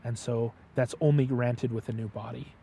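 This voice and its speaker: An adult father, appearing as a podcast guest, tells stories animatedly in casual chat and acts out the quotes. His voice is mid-range and creaky, at a moderate pace, with slight background noise.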